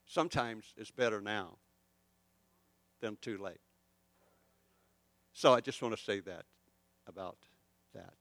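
A man's voice: on the low side, takes it slowly, pauses often, fairly bright tone, no echo. An older man preaching a conversational sermon, rambling and poking fun at himself as he tells stories. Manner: rambling, chatty and self-deprecating. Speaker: pastor.

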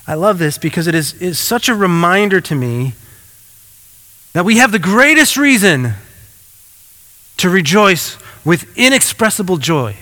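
A man's voice: high-pitched, sing-song, a little slow, pauses often, sharp tone, big-room sound. A man preaching a sermon, moving from a read passage into earnest, conversational talk with self-deprecating asides. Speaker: pastor.

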